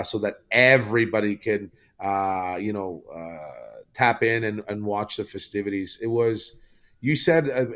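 A man with a lowish voice tells a long story as a podcast guest, trailing through fillers and restarts as he goes. He is from Canada and talks casually. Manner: rambling storytelling with many fillers.

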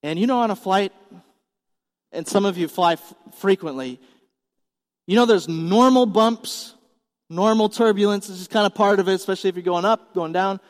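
A man's voice: sits high, normal speed, in a large hall. A man in his forties preaching a sermon as pastor, earnest and emphatic, asking the congregation questions. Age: 40s.

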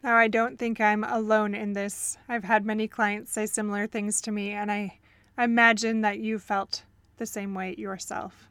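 A woman's voice: mid-range voice, little pitch movement, normal speed, fairly bright tone, smooth, dry recording. Earnest woman telling a faith story. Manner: earnest, reflective, asks listeners questions. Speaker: podcast host and counselor. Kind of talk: faith-based podcast storytelling.

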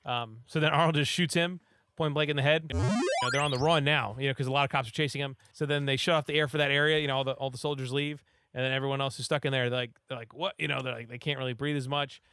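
A man's voice: mid-range voice, steady tone, quick pace, bright, forceful tone, clean tone. A man giving a casual, rambling movie recap, full of fillers and acted-out quotes.

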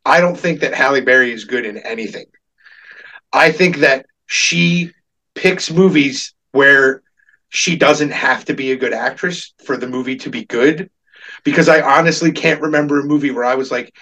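A man in casual pop-culture chat, opinionated and animated, laughing often as he makes his points. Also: medium pitch, moderate pace, recorded from a distance, poor audio.

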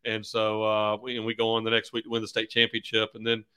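A man's voice: fairly low pitch, completely flat delivery, quick pace, pushed and bright, clean tone. A middle-aged man, a football coach, chatting easygoingly as a podcast guest and acting out quotes in his stories. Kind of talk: casual interview chat.

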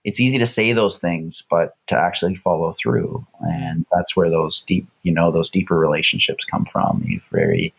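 A man's voice: deep voice, expressive, normal speed, vocal fry, few pauses, husky. A middle-aged man, a guest telling reflective stories in a conversational way. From Canada. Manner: reflective, uses vivid stage imagery. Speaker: guest, Olympic champion. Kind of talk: conversational storytelling.

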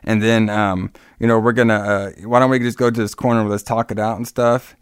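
A man's voice: on the low side, level tone, fairly quick, clear, resonant tone, dry recording, clean studio sound. A man casually retelling a film's plot scene by scene, with many fillers and asides. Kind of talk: casual movie recap chat.

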